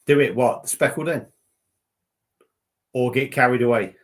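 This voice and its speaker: A man's voice: medium pitch, normal speed. A man from southern England hosting a casual beer-review live stream, rambling and joking with frequent laughs. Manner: rambling, jokey, laughs often. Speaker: beer review channel host.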